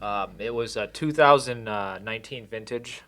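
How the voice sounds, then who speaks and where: A man's voice: lowish voice, moderate pace, a loud crowd. A man co-hosting a casual chat show, rambling and joking. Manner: jokey, rambling. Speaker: co-host.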